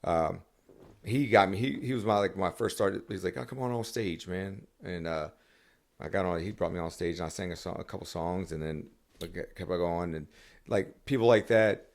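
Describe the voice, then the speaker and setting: A man's voice: low voice, normal speed, gravelly. A man talking as a songwriter guest on a podcast, rambling casually with many restarts and fillers.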